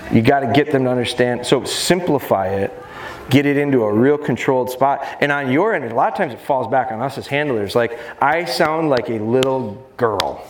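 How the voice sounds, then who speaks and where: Man giving an echoey seminar talk. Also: fairly quick. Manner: lively, jokey, acts out high baby-talk voices to dogs. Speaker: dog trainer giving a seminar. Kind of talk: live seminar talk to an audience. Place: large expo hall. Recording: echoey hall with faint noise.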